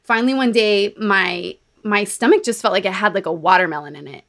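A woman podcast host in casual chat, telling stories in a chatty, animated way. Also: medium pitch, fast talker, hardly any pauses. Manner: chatty, animated storytelling with laughs and quoted voices. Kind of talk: casual chat recapping a book.

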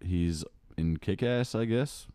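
A man's voice: low-pitched, slow, mellow, no room sound. A man co-hosting a casual movie podcast, matter-of-fact and steering the talk. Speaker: podcast co-host reading the cast list. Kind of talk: casual chat about movies.

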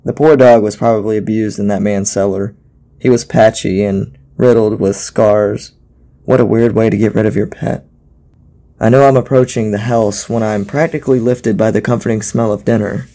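A man narrating a first-person horror story in a measured way, with occasional stumbles. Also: fairly low pitch, steady tone, warm tone. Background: music.

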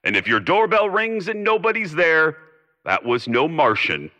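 A man's voice: a little high, sing-song, moderate pace, pushed and bright, big-room sound. A man hosting a radio theater show, giving a grand theatrical sign-off. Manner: sweeping, grandly theatrical delivery.

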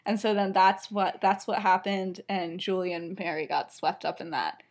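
A young woman co-hosting a podcast, casually retelling a fan story with lots of fillers, giggles and quick quoted lines. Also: medium pitch, steady tone. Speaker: podcast co-host.

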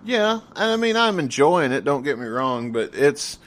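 A man's voice: fairly high pitch, sing-song, moderate pace, fairly bright tone. A man co-hosting a casual podcast, rambling and tripping over his words, laughing often. He is from the southern United States. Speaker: podcast co-host.

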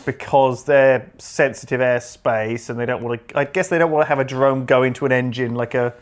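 A man's voice: medium pitch, fairly even intonation, brisk. A man from the UK co-hosting a casual chat, talking loosely, swearing and trailing off mid-sentence.

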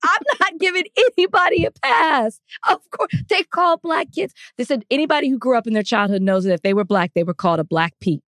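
A woman's voice: sits high, fairly quick, few pauses, fairly bright tone, no room sound, clean studio sound. A woman co-hosting a podcast, talking emphatically and repeating points for effect. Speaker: podcast co-host. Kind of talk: casual chat.

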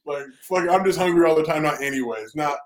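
A former college basketball player telling loose, profane stories in a casual podcast chat. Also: male voice, a little high, fast talker. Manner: loose, profane storytelling with lively voiced asides.

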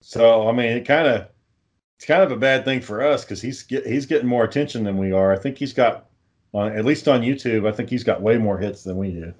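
A man co-hosting a podcast, speaking in an ordinary middle-pitched voice. He rambles through explanations with plenty of fillers. He swears freely in easy, casual chat. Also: fairly quick. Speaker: podcast co-host.

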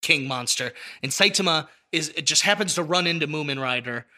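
Bright animated man retelling a story. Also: a little high, brisk. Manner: animated storytelling, acts out scenes. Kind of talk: casual chat.

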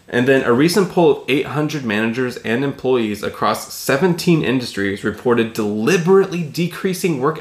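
Man, podcast co-host, casual chat, swears casually, echoey room. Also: medium pitch. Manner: reads study findings aloud, swears casually.

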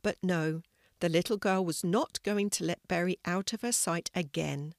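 Older woman, grandma storyteller, low gentle voice, dry close sound, measured read. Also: vocal fry, no echo. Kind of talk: reading a children's story.

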